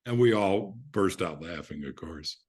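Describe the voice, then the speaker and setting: An older man, a podcast guest, telling relaxed anecdotes in an unhurried way, often restarting his sentences. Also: low voice, slightly rough. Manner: unhurried storyteller with frequent restarts and fillers.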